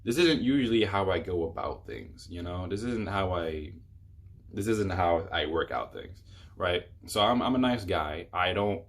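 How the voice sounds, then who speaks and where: A man's voice: low voice, expressive, unhurried. A young man telling a rambling, exasperated storytime on his vlog, full of fillers. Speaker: YouTuber.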